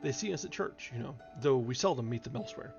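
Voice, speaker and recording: A man's voice: mid-range voice, animated, fast talker, creaky, darkish tone, faint music behind. A man voicing a fretful, timid young boy. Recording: dull lo-fi recording.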